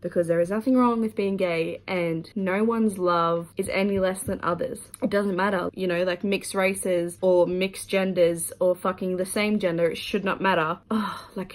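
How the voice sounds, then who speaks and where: A woman's voice: on the low side, low-quality recording. A young woman talking candidly and emotionally in a casual vlog, swearing freely. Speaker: vlogger.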